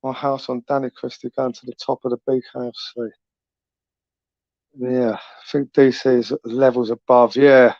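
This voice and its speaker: A man's voice: medium pitch, little pitch movement, moderate pace, darkish tone, dry recording. A man hosting a casual live stream, chatting in slang, tagging questions onto his sentences and reading out viewer comments. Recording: dull, lo-fi, dry.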